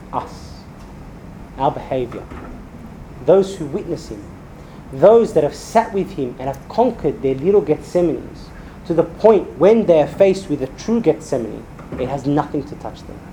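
A man's voice: on the high side, dark tone, a little hiss or hum, poor audio. A man preaching a sermon as a priest, emphatic and building through repeated rhetorical lists.

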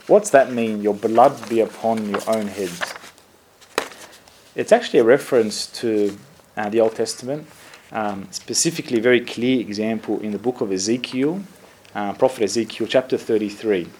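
A priest giving a conversational sermon, telling stories in a relaxed way with lots of fillers and self-corrections, often laughing at himself. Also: male voice, fairly low pitch, fairly quick, a little hiss or hum.

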